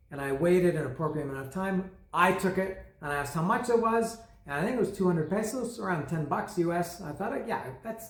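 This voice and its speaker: A man with a fairly high voice talks through his record-buying story in a loose, rambling way, stopping to joke at his own expense. He sounds like a regular host of an album review show. The sound carries a clear echo from the room. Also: a bit bright. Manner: self-deprecating, rambling storyteller with asides. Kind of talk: casual rambling monologue. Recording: echoey room.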